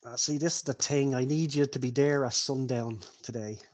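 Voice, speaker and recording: A shrewd, wealthy hobbit patron who talks business and bargains hard, put on by a man running a tabletop game. His voice sits at an ordinary middle pitch, and the figure stays close to his own everyday voice. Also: fairly even intonation, normal speed, darkish tone, close to an everyday voice. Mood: businesslike.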